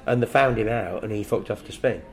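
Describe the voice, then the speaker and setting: A man's voice: lowish voice, a little fast. An older man telling stories in casual podcast chat, crude, profane and joking. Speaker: guest storyteller.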